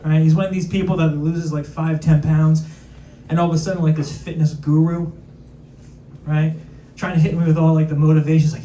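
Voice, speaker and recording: A male stand-up comedian doing a self-deprecating set, tossing quick asides to the crowd. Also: a little high, little pitch movement, warm tone. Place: comedy club with live audience. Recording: echoey club, distant mic, crowd noise.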